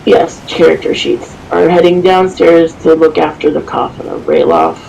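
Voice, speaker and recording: A dungeon master chatting casually while setting up a tabletop game over voice chat, halting with ums and laughing often. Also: mid-range voice, big pitch swings, vocal fry, darkish tone, a little hiss or hum, poor audio. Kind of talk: casual setup talk before a tabletop game.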